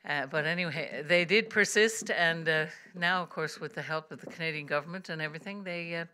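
A woman's voice: low voice, fairly quick, sharp tone. A woman folk singer, chatting to a live audience between songs, with many ums and uhs and easy laughs. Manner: chatty and self-amused, full of ums and uhs, laughs easily. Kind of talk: live concert stage banter between songs. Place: live arts venue with an audience.

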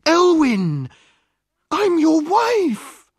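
A reader voicing a distraught young wife who cries out desperately in a high, pleading voice, in an audiobook story. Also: huge pitch swings, very slow, dry recording, clean studio sound, full character voice. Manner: high, crying out.

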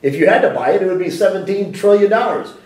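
A man in a sit-down interview, talking with lots of energy, restarting his sentences and tossing out rhetorical questions. His voice sits a little high. It echoes around a library room because the mic is some distance away. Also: quick pace. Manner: animated and talkative, with frequent restarts and rhetorical questions. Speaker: interview guest.

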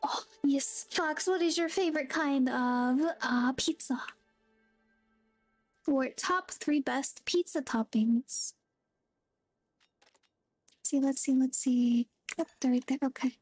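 High-voiced chatty woman streamer. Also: slow pace, pauses often, slightly rough, dry recording, faint music behind. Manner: chatty, reads chat aloud, friendly greetings. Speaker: game streamer. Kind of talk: casual gameplay chat.

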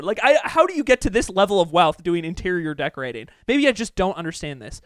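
A high, clear-voiced young man telling a story. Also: brisk, dry recording, clean studio sound. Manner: animated, profane anecdote-telling with many fillers. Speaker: podcast host. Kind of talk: casual storytelling.

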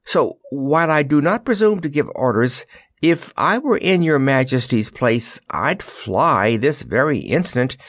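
A man's voice: medium pitch, no room sound, studio quality, pitched above the performer's own voice. A man voicing a timid, loyal young boy messenger in a storybook reading.

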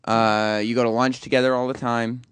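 A man's voice: mid-range voice, little pitch movement, fairly bright tone, clear, resonant tone, no room sound. Man hosting radio, dry mic. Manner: probing, quick-questioning. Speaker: host. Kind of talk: casual radio chat.

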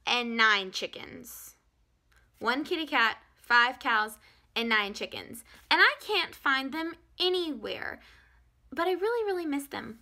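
A young woman teaching kindergarten, singing and talking in an animated, exaggerated way with gasps and cheers. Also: high-pitched, no room sound, clean studio sound. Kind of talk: sing-song lesson for young children. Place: outdoors on a farm.

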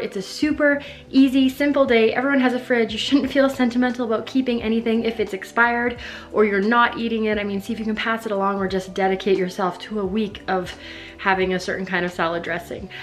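A woman hosting a home organizing vlog, talking quietly and upbeat in her kitchen. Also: medium pitch. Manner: hushed, upbeat and chatty. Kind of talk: casual vlog chat.

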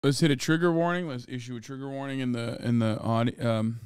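A man's voice: medium pitch, fairly even intonation, fast talker, a little mellow, clean tone, dry recording, clean studio sound. A man streaming in casual chat, loose and offhand, swearing freely.

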